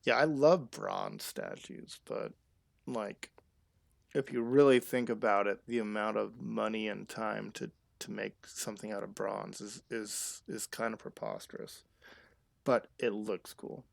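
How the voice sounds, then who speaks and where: A man chatting casually with his viewers while playing a game live, rambling and halting with restarts. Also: lowish voice, expressive, vocal fry, no echo, clean studio sound. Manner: rambling, chatty asides to chat. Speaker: streamer. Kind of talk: live gameplay commentary.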